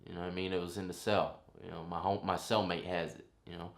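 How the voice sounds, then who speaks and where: A man in his thirties casually telling a long story, rambling and animated, full of "you know what I mean". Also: sits low, fast. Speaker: vlogger telling a prison story. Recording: roomy echo.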